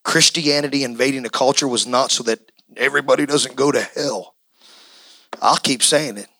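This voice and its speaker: A male pastor delivering an impassioned sermon, swinging from quiet talk to shouting. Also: medium pitch, normal speed, no room sound, poor audio.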